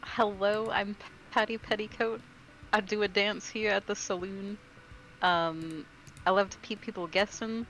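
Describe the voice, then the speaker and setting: Cagey dance-hall girl, a woman in her own voice, halting, faint noise. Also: medium pitch, fairly even intonation, a bit bright. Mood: coy. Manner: hesitant with "um" pauses. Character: evasive saloon dancer, fanciful young woman.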